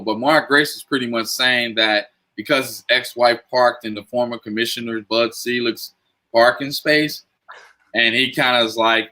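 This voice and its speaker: Hesitant, bright-voiced male sports host. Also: medium pitch, rough recording. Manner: hesitant, full of "uh" and "you know". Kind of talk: sports talk radio.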